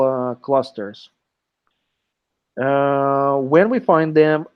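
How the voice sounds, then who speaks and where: A man teaching an English class live online, explaining step by step and checking in often with "okay", heard through a computer mic on a video call. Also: mid-range voice. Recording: dull lo-fi online call audio.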